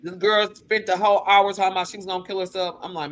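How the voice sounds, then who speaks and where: A woman co-hosting a casual talk show, telling personal stories in a blunt, profane, lively way and acting out other people's voices. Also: mid-range voice, fast talker, few pauses, slight background noise. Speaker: co-host. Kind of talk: casual chat, personal storytelling.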